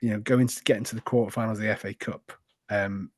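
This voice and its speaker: A man, co-hosting a football podcast and telling stories in an animated, cheeky, sweary way. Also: fairly low pitch, quick pace, no echo, clean studio sound. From Wrexham, Wales. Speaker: podcast co-host. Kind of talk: casual football podcast chat.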